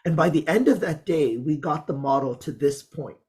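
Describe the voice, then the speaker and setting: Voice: medium pitch, normal speed, a little mellow. A college teacher giving an online presentation about a student project, talking in a chatty, upbeat and enthusiastic way with asides. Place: Montreal.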